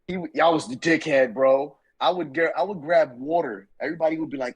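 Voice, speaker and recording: A man's voice: mid-range voice, brisk, slightly rough, rough recording. A man on a podcast telling joking stories in a laid-back, swearing, casual way. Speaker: podcast guest, army veteran. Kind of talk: casual chat, storytelling.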